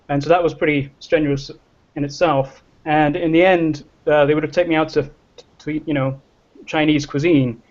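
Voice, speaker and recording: A man's voice: on the high side, darkish tone. Hesitant man on a dull video call. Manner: hesitant, self-deprecating, many ums. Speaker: panel guest, researcher. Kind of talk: casual self-introduction.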